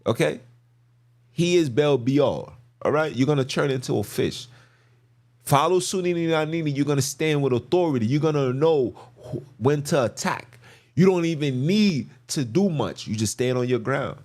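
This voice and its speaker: A man's voice: fairly high pitch, expressive, moderate pace, darkish tone. A man hosting a podcast, preaching on scripture in an emphatic, slangy way, repeating phrases for stress. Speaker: podcast host.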